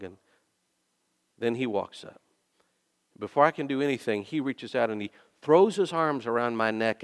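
A male pastor preaching a sermon and telling stories, dropping soft and then rising into loud, emphatic bursts. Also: on the low side, clear, resonant tone. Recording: long reverb of a large hall.

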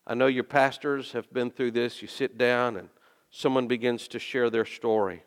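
A man's voice: medium pitch, fairly even intonation, moderate pace, clear, resonant tone. Man preaching in an echoing hall. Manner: storytelling preacher, swings from soft to loud emphatic bursts. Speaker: pastor. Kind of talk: sermon. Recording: long reverb of a large hall.

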